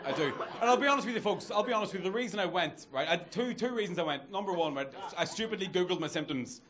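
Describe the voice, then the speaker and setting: A man's voice: sits high, expressive, fast talker. A young Northern Irish man doing a crude, self-mocking stand-up comedy set and bantering with the audience. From Northern Ireland. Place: comedy club stage, laughing audience. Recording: live club recording with loud crowd. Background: audience laughter.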